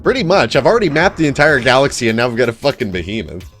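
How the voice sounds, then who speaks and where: A man's voice: mid-range voice, very animated, fast talker, a bit bright, faint music behind. A man casually commenting on a game and reading its text aloud, profane and self-mocking. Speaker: let's play host.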